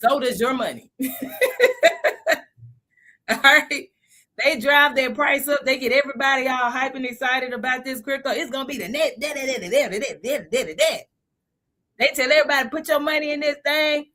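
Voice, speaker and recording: A lively woman hosts a casual live stream, talking to her viewers in a chatty, animated way. Her voice sits a little high and sounds bright and forward. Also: moderate pace, pauses often. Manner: animated, chatty, laughs often.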